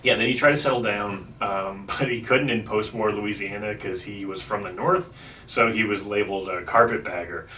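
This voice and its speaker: Guy rambling thru a history story on a podcast, bright sharp voice, roomy and far from the mic. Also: on the low side, steady tone, normal speed. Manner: rambling, loose, with lots of likes and ums. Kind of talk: casual comedic storytelling. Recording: echoey room, distant mic, faint noise.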